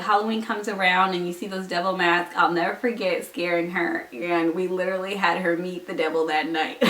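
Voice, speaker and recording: A woman's voice: mid-range voice, a bit bright. A young woman telling a story to her vlog camera in a casual, giggly way, full of likes and ums. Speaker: vlogger. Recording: echoey room, mic a bit far.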